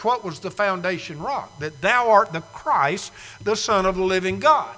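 A man preaching a sermon in a church, emphatic and swinging between loud and hushed. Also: sits high, expressive, normal speed, long reverb tail, poor audio. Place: church sanctuary.

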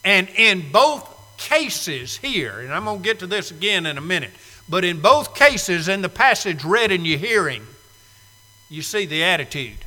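A man's voice: sits high, sing-song, moderate pace, bright, forceful tone, long reverb tail. A man preaching a sermon to a live congregation, emphatic and fond of repeating key phrases. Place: church sanctuary, live congregation.

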